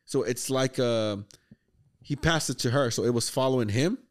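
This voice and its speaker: A man hosting a podcast, excitedly retelling a horror movie plot in casual, profane, rambling chat. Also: medium pitch, normal speed. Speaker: podcast host.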